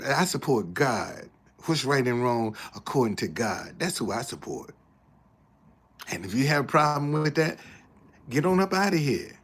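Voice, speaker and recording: A man giving preachy casual commentary as an online host, emphatic and repeating his words like a preacher. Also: a little high.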